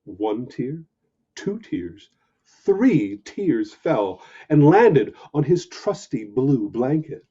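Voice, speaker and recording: A man reading a children's story aloud with animated, expressive narration. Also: mid-range voice, very slow, slightly rough. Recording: dull lo-fi recording.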